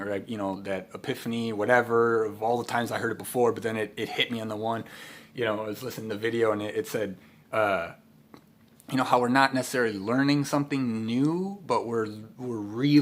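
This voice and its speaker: A man's voice: mid-range voice, fairly bright tone. A man giving a casual spiritual talk, rambling with many fillers and restarts. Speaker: spiritual teacher.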